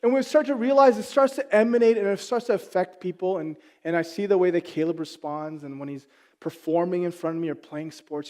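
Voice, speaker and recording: A man's voice: fairly high pitch, warm tone. A man in his thirties preaching a sermon as a pastor, telling family stories with self-deprecating humor before turning earnest.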